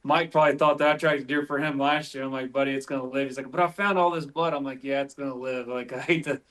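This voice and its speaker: A man's voice: medium pitch, steady tone, fast, fairly bright tone. A man from West Virginia, a podcast guest, telling tracking stories in a rambling way full of fillers. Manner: rambling, filler-heavy storytelling. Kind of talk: casual chat.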